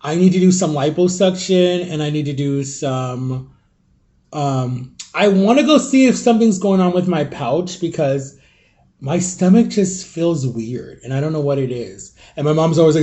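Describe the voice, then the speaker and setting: A young man talking straight to his viewers in a loose, rambling vlog, confiding and full of fillers. His voice is a touch higher than most men's, but soft and dark in tone. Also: expressive, moderate pace. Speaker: vlogger. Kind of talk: casual storytelling vlog.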